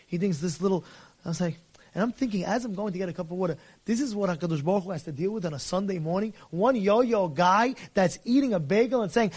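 A man's voice: high voice, fast talker, slightly rough. A man, a rabbi, preaching a fiery sermon, scolding with rhetorical questions and scattering Hebrew and Yiddish religious terms through his English. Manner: animated and scolding, with rhetorical questions and acted-out dialogue.

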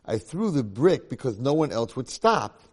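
A man's voice: mid-range voice, sing-song, normal speed, darkish tone. A man voicing a young boy who apologizes and begs for help during a story told in a lecture. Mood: pleading. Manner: pleading, apologetic.

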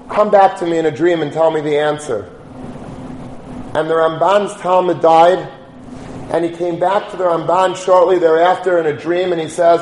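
High-voiced man giving a Torah lecture. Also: a little mellow, echoey room, a little hiss or hum, low-quality recording. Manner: storytelling, rises to chanting Hebrew liturgy. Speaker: rabbi.

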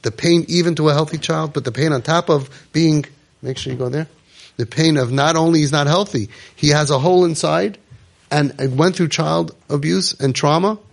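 This gravelly-voiced man talks at a moderate pace, making an emotional plea to parents. Along the way he imitates parents and children and drops into quiet, low tones.

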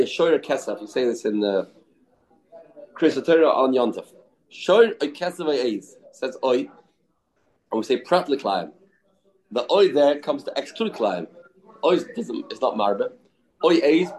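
Male Talmud teacher, mid-pitched, brisk back-and-forth reasoning, Yiddish-laced English. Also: a little mellow, rough recording. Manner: quick back-and-forth argument mixing English with Aramaic and Yiddish terms. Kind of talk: daf yomi Talmud lesson.

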